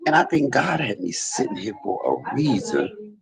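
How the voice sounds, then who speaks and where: A man live-streaming from a hospital emergency room bed, talking in an animated, preachy way and repeating himself as he speaks to his viewers. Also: lowish voice, moderate pace, vocal fry, rough recording. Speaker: livestream host. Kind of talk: casual live stream talk.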